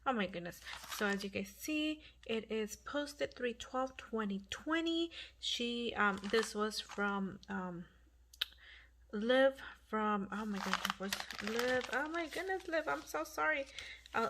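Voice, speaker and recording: A woman hosting a home crafting channel, speaking in a hushed half-whisper and gushing with lots of fillers. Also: medium pitch, unhurried, a little hiss or hum. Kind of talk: casual crafting vlog. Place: home at night.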